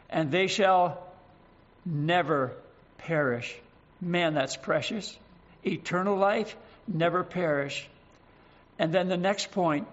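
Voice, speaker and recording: A man preaching a sermon, earnest and emphatic, slowing down to stress scripture verses. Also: high-pitched, a bit bright, lo-fi sound.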